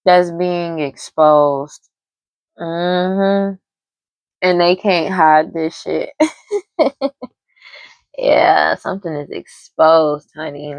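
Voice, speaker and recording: A woman's voice: sits low, no room sound, poor audio. A woman giving a casual tarot reading to camera, blunt and slangy, often laughing and swearing. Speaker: tarot reader.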